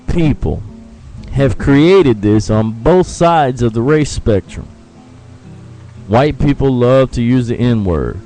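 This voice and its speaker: A man's voice: medium pitch, a little mellow, low-quality recording. Radio co-host guy, opinionated, swears a lot, voice goes up and down a lot, faint music behind. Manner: opinionated, swears casually, laughs often. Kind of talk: casual talk radio chat.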